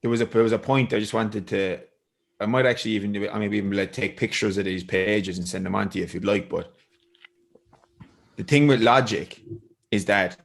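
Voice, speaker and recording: A man's voice: lowish voice, a little fast, vocal fry. A man in casual podcast conversation, musing reflectively about philosophical ideas. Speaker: podcast co-host.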